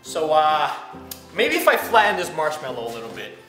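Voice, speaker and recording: A man hosting a playful toy unboxing vlog, teasing and pleading with a toy in an animated way. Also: fairly high pitch, normal speed. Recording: echoey room with background music.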